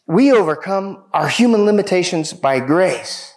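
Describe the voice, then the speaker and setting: High-voiced man preaching emphatically. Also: lively intonation, normal speed. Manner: emphatic, addresses listeners directly. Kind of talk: sermon.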